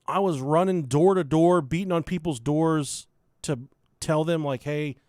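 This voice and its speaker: A man's voice: fairly high pitch, unhurried, a little mellow, no echo, clean studio sound. A young man hosting a podcast, telling a story in a loose, profane way and laughing along with it. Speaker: podcast host. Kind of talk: casual storytelling chat.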